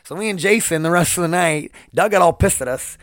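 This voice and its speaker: A man's voice: sits high, a little fast, a bit bright, dry recording, studio quality. A man hosting his own podcast, rambling and swearing in a confessional solo monologue at home. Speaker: podcast host. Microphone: single podcast mic.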